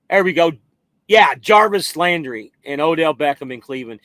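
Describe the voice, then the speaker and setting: A man's voice: on the high side, expressive, normal speed, fairly bright tone, no room sound. An American man hosting a trucking live stream, chatting casually and rambling while he reads viewer comments. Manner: loose, rambling, swears casually. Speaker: trucking livestream host.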